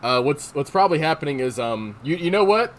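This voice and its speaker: With a fairly high, sing-song voice and a brisk pace, a streamer talks casually into his desk microphone. He rambles, swears, and answers his chat by reading it out loud.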